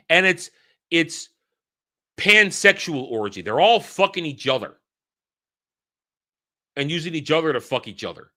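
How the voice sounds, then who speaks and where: A man tears into a film in a blunt, exasperated rant, swearing freely and hammering his points by repeating them. His voice is bright and forceful, sits a little high, and swings up and down in pitch. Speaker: film reviewer. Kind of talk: ranting film review.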